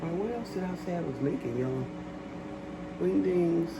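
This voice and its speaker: A man's voice: on the high side, normal speed, creaky, echoey room. Chatty man in a noisy home kitchen. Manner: chatty, talks straight to viewers, animated when ranting. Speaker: cooking vlogger. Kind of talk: casual cooking vlog chat.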